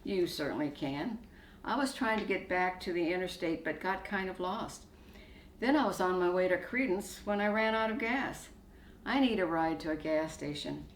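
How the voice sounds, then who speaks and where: A woman's voice: lowish voice, normal speed, echoey room, recorded from a distance, a little hiss or hum, natural voice. A woman voicing a stranded young woman traveler who talks directly and a bit impatiently.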